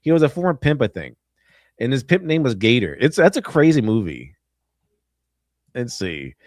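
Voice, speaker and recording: A male livestream host with a mid-pitched voice that swings up and down a lot as he talks. He chats playfully and slips into quick mock voices. The sound is dry and close. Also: sing-song, no echo. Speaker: stream host. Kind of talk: casual livestream chat, reading donations.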